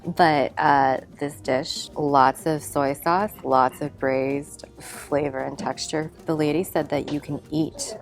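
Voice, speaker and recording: Low-voiced woman savoring food on camera. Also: steady tone, slow, creaky, soft background music. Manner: enthusiastic, savoring, murmurs and hums between bites. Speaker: food vlogger. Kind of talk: casual food tasting vlog.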